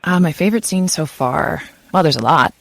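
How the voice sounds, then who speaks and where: A woman's voice: low voice, a little fast, vocal fry, dry recording. A woman who narrates audiobooks, chatting loosely in an interview with lots of fillers like "kind of" and "you know". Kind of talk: casual interview answers.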